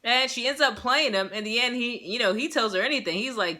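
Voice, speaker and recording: A young woman giving a casual, sassy and animated recap of a show episode, full of slang. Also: a little high, brisk, hardly any pauses. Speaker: show reviewer.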